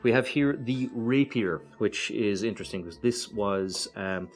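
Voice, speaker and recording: An Irish man casually walking through a board game's cards one by one, relaxed and hesitant, with many fillers and chatty asides. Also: on the low side, a little slow, faint music behind. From Ireland. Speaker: board game reviewer. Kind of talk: casual card-by-card walkthrough.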